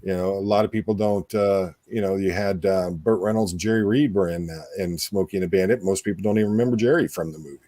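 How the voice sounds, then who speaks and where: Host, male, very low voice, dry close sound, loose rambling chat. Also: quick pace, few pauses, mellow, no echo. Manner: rambling, with many fillers and restarts. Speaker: podcast host. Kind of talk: casual chat.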